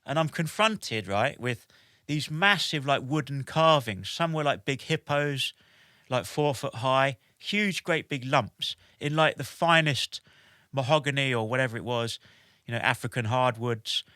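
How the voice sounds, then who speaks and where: A man in his forties, a guest on a podcast, recounts an anecdote with animated energy. His voice is bright and forceful at a middle pitch, and he leans on "like" and "basically" as he goes. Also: unhurried, no echo, clean studio sound. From United Kingdom. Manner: animated, with many "like" and "basically" fillers. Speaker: podcast guest, military veteran. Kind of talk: lively anecdote-telling.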